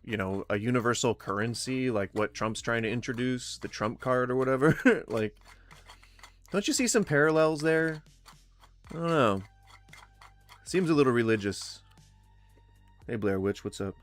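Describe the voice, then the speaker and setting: A man from Florida hosting a casual livestream, rambling with fillers and restarts, blunt and quick to swear. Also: medium pitch, expressive. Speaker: livestream host. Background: faint music.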